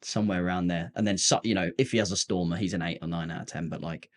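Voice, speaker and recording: A man's voice: sits low, fast. A man co-hosting a podcast in casual, playful chat, cursing now and then when a game goes wrong. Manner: animated, playful, swears when frustrated. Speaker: podcast co-host.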